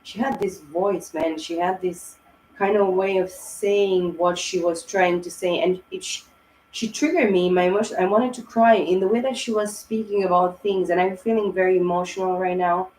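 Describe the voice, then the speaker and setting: A woman's voice: medium pitch, moderate pace, darkish tone, reverberant, slight background noise, low-quality recording. A woman giving a tarot reading in a rambling, emotional way, with many fillers and restarts. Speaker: tarot reader. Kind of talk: casual tarot reading monologue.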